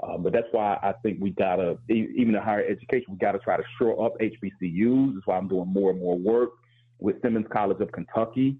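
Male professor, reflective, candid, low voice, husky, narrow phone-like sound. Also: quick pace. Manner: thoughtful, self-deprecating, candid. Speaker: professor and show guest. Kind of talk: reflective talk-show discussion.

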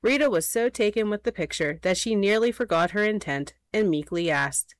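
A woman narrating a children's storybook aloud in an expressive, playful way. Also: medium pitch, normal speed, hardly any pauses, no room sound.

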